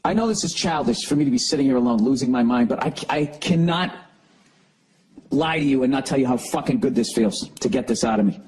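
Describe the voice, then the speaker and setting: Raspy, profane man ranting solo. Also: mid-range voice, fairly quick, darkish tone. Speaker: podcast host. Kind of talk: solo comedic podcast rant.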